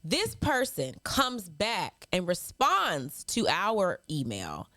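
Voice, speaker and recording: A woman's voice: fairly low pitch, huge pitch swings, takes it slowly, a bit bright, dry recording, studio quality. A woman co-hosting a podcast, reading out nasty emails from viewers and answering them with mocking, sassy clapbacks and laughter. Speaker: podcast co-host. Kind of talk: casual chat, reading hate mail aloud.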